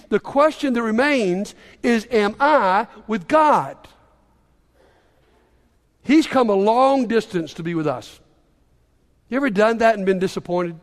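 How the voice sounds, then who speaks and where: Pastor guy, high voice, chatty sermon in a big echoey church hall. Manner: conversational preaching, acts out quoted voices. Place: church sanctuary.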